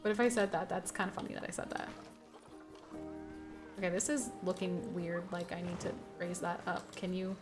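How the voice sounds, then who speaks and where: A woman's voice: on the low side, level tone, normal speed, over music. A woman streaming a game live, chatting to viewers and scolding and pleading with the game animals, laughing at herself as she goes. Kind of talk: live gameplay stream commentary.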